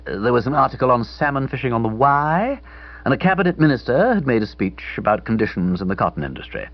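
Man, comic audiobook narration, wry and theatrical, husky tone, dull lo-fi recording. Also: medium pitch, big pitch swings, quick pace. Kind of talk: comic first-person narration.

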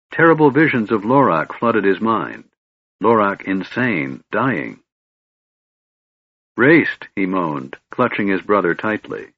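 A man narrating a fantasy audiobook in a steady, measured storytelling manner, with a husky voice. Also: lowish voice, no echo, muffled recording. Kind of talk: scripted narration.

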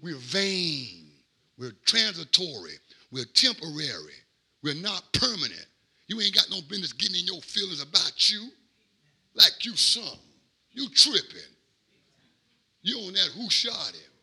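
Middle-aged pastor man preaching, high gravelly voice, goes from soft asides to shouting. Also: very animated, moderate pace. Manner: preaching in a call-and-response cadence, swinging from quiet asides to shouted peaks. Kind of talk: sermon.

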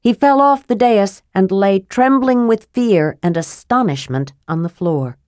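A woman narrating a fantasy audiobook in a measured, steady reading. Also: mid-range voice, no room sound, clean studio sound.

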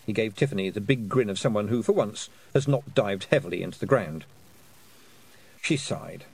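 A man reads a storybook aloud with an expressive, husky voice. His pitch moves a lot from phrase to phrase. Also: normal speed, no echo, rough recording. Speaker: audiobook narrator. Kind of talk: scripted narration.

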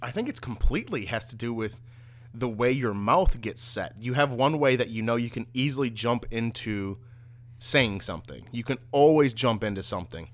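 A man co-hosting a casual chat, relaxed, with stumbling starts. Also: medium pitch, normal speed, dry recording. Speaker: podcast co-host.

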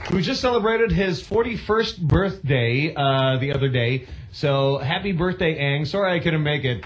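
A man's voice: a little high, expressive, moderate pace. A man hosting a radio show, rambling casually with many restarts.

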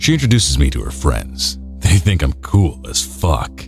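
A man reads an internet story aloud in a slow, brooding manner. His voice is extremely deep, and he takes his time, yet his pitch rises and falls widely. Soft guitar music plays faintly behind him. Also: wildly swooping pitch, vocal fry. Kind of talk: reading a greentext story.

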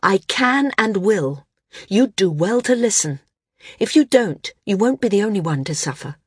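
A woman's voice: mid-range voice, expressive, moderate pace, breathy edge, dry recording, studio quality, pitched above the performer's own voice. A woman voicing a resolute woman flyer who speaks firmly and commandingly. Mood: forceful. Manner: firm, commanding.

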